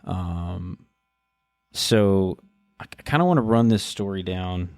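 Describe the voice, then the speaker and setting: A low-pitched man in his thirties tells a story on his podcast in a relaxed, halting way, full of restarts and fillers. His voice has a gravelly edge, and the recording is dry and close. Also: no echo. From Texas. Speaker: podcast host. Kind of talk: casual storytelling monologue.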